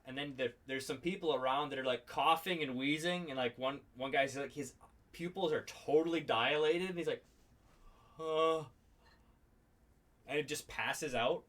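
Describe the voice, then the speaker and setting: A man's voice: medium pitch, fairly bright tone, recorded from a distance. A man narrating as game master of a tabletop game, rambling with many "like"s and restarts. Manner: rambling, full of "like" and restarts, laughs often.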